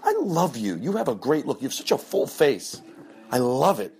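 A man voicing a gushing party host who fusses over guests with sugary, backhanded compliments in a high sing-song. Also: big pitch swings, moderate pace, a little mellow.

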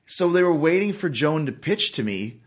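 Swearing, animated male storyteller. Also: a little high, normal speed. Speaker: podcast guest. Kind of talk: casual podcast conversation.

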